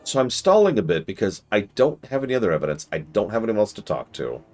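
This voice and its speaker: A man's voice: fairly low pitch, very animated, fast, darkish tone, soft background music. A man streaming a game, chatting casually in a wry, self-mocking way.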